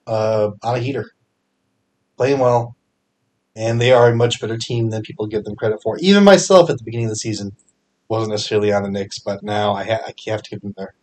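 A young man hosting a fantasy sports podcast, talking casually with energetic bursts and frequent fillers. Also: mid-range voice. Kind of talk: casual solo podcast picks.

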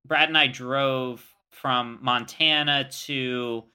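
A man's voice: mid-range voice, fairly even intonation, bright, forceful tone, smooth. A young man co-hosting a podcast, chatting casually with lots of fillers and restarts. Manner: halting, many fillers and restarts. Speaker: podcast co-host. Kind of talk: casual chat.

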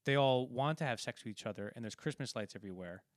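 A man's voice: mid-range voice, quick pace, no echo, studio quality. A man casually talking through a film, rambling and acting out quoted lines as he retells scenes. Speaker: podcast co-host.

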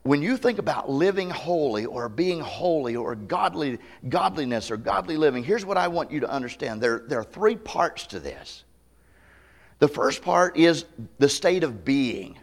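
High-voiced preaching man. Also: sing-song, moderate pace, gravelly. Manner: emphatic preaching with rhetorical questions to the congregation. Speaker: pastor. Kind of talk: sermon. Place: church campmeeting service.

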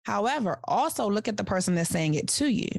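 A woman gives plain-spoken advice as a guest on a podcast couch, talking straight to the listener. Her voice has a gravelly edge, and she keeps it lively by acting out small workplace exchanges. The sound is dry and close. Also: mid-range voice, brisk, no room sound. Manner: direct, animated, acts out examples. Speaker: life coach guest. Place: studio couch.

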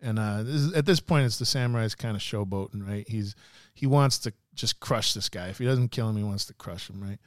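A podcast guest with a lowish male voice talks a little fast with few pauses, loosely retelling a martial arts story and musing in casual, profane fashion. He rambles with many fillers and restarts, and the studio sound is clean with no echo.

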